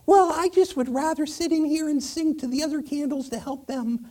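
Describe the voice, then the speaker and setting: A man's voice: extremely high pitch, normal speed, darkish tone, recorded from a distance, pitched above the performer's own voice. A man doing a sugary, singsong lady candle. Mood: sweet. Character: purple female candle, sweet and singsong.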